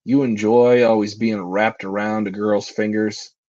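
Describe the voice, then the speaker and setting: A man voicing a gruff, menacing male villain with low, growling taunts. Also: flat delivery, unhurried, darkish tone, dry recording, dull audio, natural voice.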